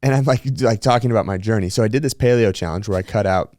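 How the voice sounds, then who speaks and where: A man's voice: on the low side, fast, no echo, clean studio sound. A man hosting a podcast, chatting candidly and telling stories with plenty of swearing. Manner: candid, swears freely, animated storytelling. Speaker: podcast host. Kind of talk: casual podcast conversation.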